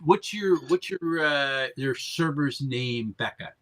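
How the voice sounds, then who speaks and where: A man's voice: mid-range voice, expressive, slow pace, a bit bright. A man from Pennsylvania running a tabletop game as game master, talking casually with lots of fillers and self-corrections.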